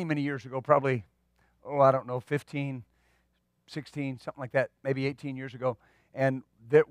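A middle-aged man, a pastor, telling a story in a sermon with folksy humor and lively, repeating speech. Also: fairly high pitch, no room sound.

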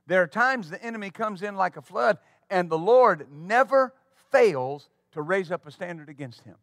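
A man preaches with fervor, his voice pitched high for a man. The sound is dry and close, with no room around it. He drives his points home and throws quick asides to the congregation. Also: lively intonation, a bit bright, no echo. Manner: fervent preaching with call-and-response asides. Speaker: pastor. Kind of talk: sermon.

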